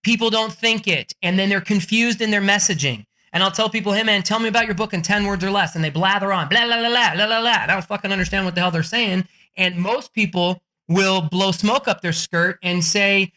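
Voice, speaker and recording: Bright, animated man swearing freely. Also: high voice, quick pace. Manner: animated, swears freely, laughs while talking. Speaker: podcast guest, book coach. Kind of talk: energetic, profane interview talk.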